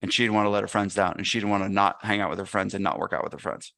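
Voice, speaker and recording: A man's voice: on the low side, rapid-fire, creaky, no echo, studio quality. A man guesting on a podcast, telling a casual story and acting out what people said. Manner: animated anecdote teller, acts out quotes. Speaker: podcast guest, gym business owner.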